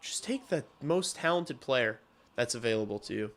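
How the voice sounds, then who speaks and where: A man streaming live as he watches hockey, chatting bluntly and profanely with his viewers and now and then working up into loud rants. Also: mid-range voice, expressive, normal speed.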